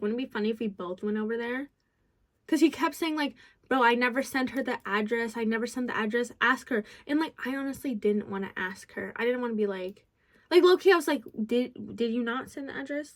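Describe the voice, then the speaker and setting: A high-voiced young woman talks straight to her phone in a loose, rambling storytime vent. She leans on "like" constantly and drops from low mutters into loud, exasperated outbursts. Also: brisk. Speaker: vlogger. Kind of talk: casual storytime vent to viewers. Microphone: phone close by.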